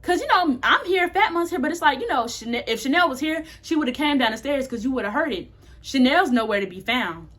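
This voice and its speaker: A woman's voice: high-pitched, expressive, brisk, a bit bright. A young woman casually telling a candid, slangy storytime to her camera. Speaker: vlogger.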